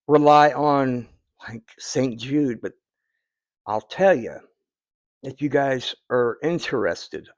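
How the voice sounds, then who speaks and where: Gravelly-voiced man in his fifties. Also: medium pitch, no room sound. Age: 50s. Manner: rambling and heartfelt, with many fillers and restarts. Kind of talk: casual personal talk to viewers.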